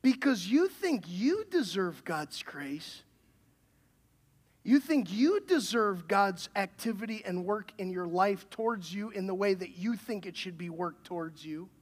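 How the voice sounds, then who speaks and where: A man's voice: sits high, sing-song, a little slow. A man, the pastor, preaching a sermon in a conversational way and building to emphatic questions.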